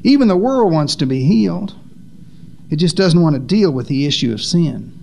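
A man preaching a sermon, with dramatic pauses and sharp drops in pitch for emphasis. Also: big pitch swings, vocal fry.

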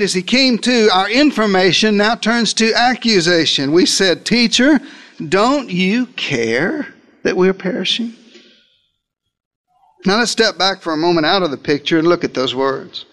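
High-voiced man preaching with dramatic swings. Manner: dramatic storytelling, speaking as a disciple; swings between loud emphasis and hushed asides. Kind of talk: sermon.

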